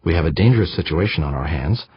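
A man voicing an unflustered woman official who speaks smoothly and patiently, with condescension. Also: rumbling low, animated, quick pace, lo-fi sound, heavily acted. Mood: patronizing.

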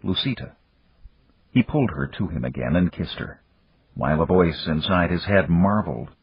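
Deep, husky male audiobook narrator; expressive, hard edge on dialogue; dry, slightly muffled read. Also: fairly quick, no room sound. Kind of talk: scripted narration.

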